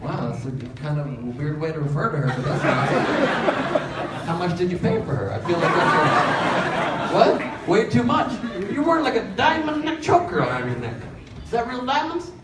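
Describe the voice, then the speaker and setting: Comedian, man, high voice, brash and profane, roasting the crowd; echoey club sound from a distance. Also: huge pitch swings, normal speed, heavy background noise. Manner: brash, profane, teasing, laughing. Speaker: stand-up comedian. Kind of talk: improvised crowd work. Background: audience laughter and chatter.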